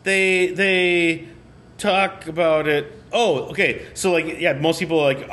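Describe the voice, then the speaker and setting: A man chats loosely on a podcast, his voice sitting a little high. He halts, restarts and loses his thread, laughing as he goes. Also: steady tone, fairly bright tone. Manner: halting, restarts, trails off and laughs. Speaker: podcast host. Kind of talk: casual rambling chat.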